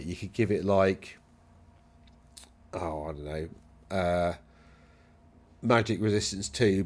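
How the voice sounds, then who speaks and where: Wry, rambling man, low voice. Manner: rambling, self-correcting, wry and dismissive. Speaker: channel host reviewing game rules. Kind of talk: casual rambling commentary.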